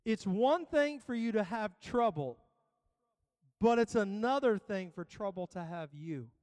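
High-voiced preaching man, smooth and ringing. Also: animated, measured pace, a little mellow, big-room sound. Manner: preaching with rising emphasis and repetition. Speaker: pastor. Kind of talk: sermon. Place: church.

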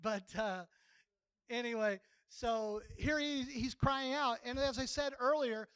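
A man's voice: very high-pitched, slow pace, fairly bright tone, clean tone, no echo, rough recording. A man in his sixties preaching a sermon in a folksy, plainspoken, conversational way.

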